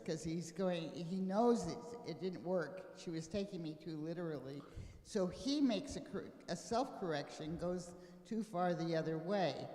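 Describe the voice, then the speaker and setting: A man in a study group, explaining his view in a halting, thinking-aloud way. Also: sits high, darkish tone. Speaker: study participant. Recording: echoey hall.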